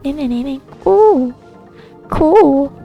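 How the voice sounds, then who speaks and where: A woman's voice: high voice, animated, takes it slowly, gravelly, muffled recording, faint music behind. A young woman chatting casually to herself while playing a video game, giggly and talkative. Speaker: gamer playing a story quest. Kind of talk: casual gameplay commentary.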